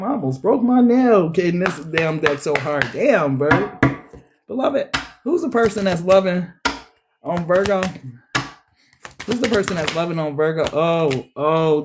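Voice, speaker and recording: A woman with a lowish voice does a casual tarot reading on a livestream, with noise in the background. She's blunt and profane and talks in sassy slang.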